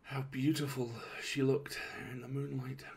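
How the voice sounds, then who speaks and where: A man reading a classic story aloud as a bedtime story, in a calm, measured, gravelly voice. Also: medium pitch.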